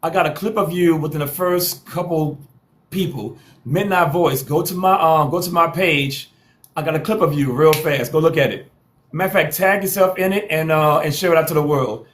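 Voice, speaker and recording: A man's voice: a little high, moderate pace. A man hosting a live social stream, hyping viewers with repeated calls to follow and share and playful trash talk.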